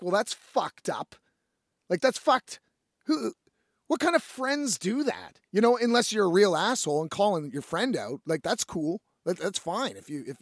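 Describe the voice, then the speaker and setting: A man's voice: high-pitched, dry recording, clean studio sound. A man hosting a podcast, telling a story in casual, profane talk and acting out the other people's lines. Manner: profane, animated, acts out quoted voices. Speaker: podcast host.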